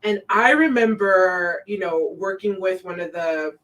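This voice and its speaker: A woman's voice: mid-range voice, measured pace, fairly bright tone, far from the mic, rough recording. A woman from Colorado hosting a podcast, talking animatedly in casual conversation, laughing and swearing freely. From Colorado, USA. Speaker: podcast host.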